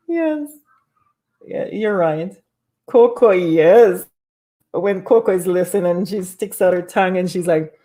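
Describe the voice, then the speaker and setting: A woman's voice: fairly low pitch, a little slow, warm tone. A woman hosting a casual live stream from home, reading viewer comments aloud and laughing often. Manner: laughs often, bubbly and chatty.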